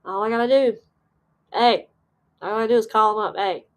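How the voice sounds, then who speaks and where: A woman hosting a livestream, chatting casually with viewers and reading their comments aloud, rambling and excitable with bursts of laughter. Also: on the high side, fairly quick. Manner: chatty and rambling, trailing off often. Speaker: livestream host.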